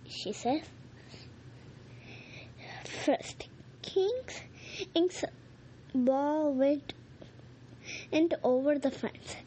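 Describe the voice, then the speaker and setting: Slow, high-voiced woman reading a storybook. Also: a little mellow, slight background noise. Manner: halting reading with slips and rereads. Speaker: reader. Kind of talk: reading a children's storybook aloud.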